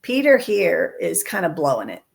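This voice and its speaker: Low gravelly woman talking faith. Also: big pitch swings, moderate pace. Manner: earnest, acts out quoted voices, reflective. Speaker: podcast co-host. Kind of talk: casual faith discussion.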